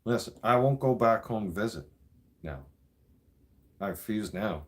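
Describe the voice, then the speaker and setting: A man's voice: on the low side, expressive, unhurried. A Canadian man delivering an angry, profane political rant in a vlog. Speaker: vlogger.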